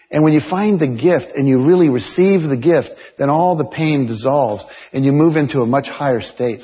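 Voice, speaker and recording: A fairly high-pitched man with a husky voice gives a motivational seminar talk, coaching his listeners and telling stories with lively energy. The sound is dull and lo-fi, with a long reverb trailing off a large hall. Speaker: motivational speaker.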